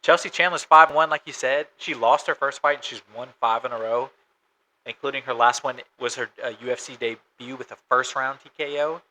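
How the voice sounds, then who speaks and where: A man with a bright, tense voice at a mid pitch co-hosts a casual sports podcast. He lays out records and odds in a matter-of-fact way. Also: fairly even intonation, fairly quick, a little hiss or hum, low-quality recording. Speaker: podcast co-host.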